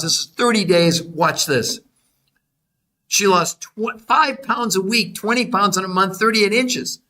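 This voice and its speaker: A man with a high, bright, forceful voice presents research to his viewers. He talks in an insistent, repetitive, salesman-like way and keeps speaking straight to the audience. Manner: greets live chat viewers by name. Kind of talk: emphatic sales-style presentation.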